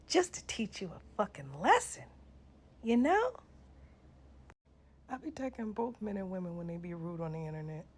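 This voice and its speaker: A woman ranting bluntly in a casual vlog, cursing freely and swinging between loud outbursts and hushed, breathy asides. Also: lowish voice, animated, fairly quick, hardly any pauses. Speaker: social media creator.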